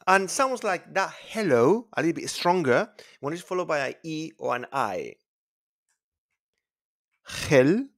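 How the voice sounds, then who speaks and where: Man modeling sounds, slow and lively. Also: fairly high pitch. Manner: repeats each word slowly, modeling sounds; rolls his Rs with emphasis. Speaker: Spanish teacher. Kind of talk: pronunciation lesson.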